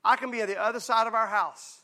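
A male pastor preaching a sermon. He swings from hushed, intimate lines to loud, shouted emphasis. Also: high-pitched, steady tone, fast talker.

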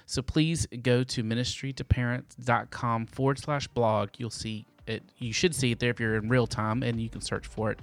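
A man's voice: medium pitch, fairly even intonation, moderate pace, hardly any pauses. A man hosting a podcast, chatting upbeat and laughing often. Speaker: podcast host. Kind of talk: casual podcast chat.

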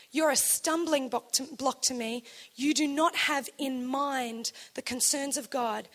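Bright high-voiced woman preaching. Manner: animated storytelling, acts out quoted dialogue. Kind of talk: sermon.

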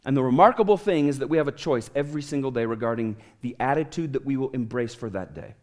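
A man's voice: medium pitch, lively intonation, fast talker. A man preaching a sermon as a pastor in a church, telling stories and asking the congregation for a show of hands.

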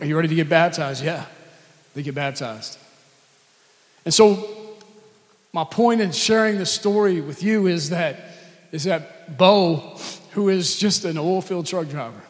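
Earnest preacher in a reverberant hall. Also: male voice, sits high. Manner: earnest storytelling, acting out quoted dialogue. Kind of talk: sermon storytelling.

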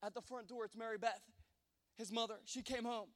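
A man with a very high voice tells an animated, comic personal story to a listening audience. He rambles, stumbles over restarts and leans on fillers. Long reverb from a large hall trails every line. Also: fairly quick.

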